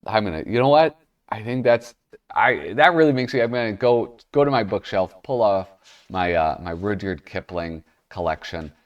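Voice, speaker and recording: Male host, lowish and expressive, chatty magazine flip-through, slightly off-mic. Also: normal speed, recorded from a distance, dull audio. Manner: rambling, self-interrupting, chuckling asides. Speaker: comic magazine reviewer, show host. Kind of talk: casual commentary while flipping pages.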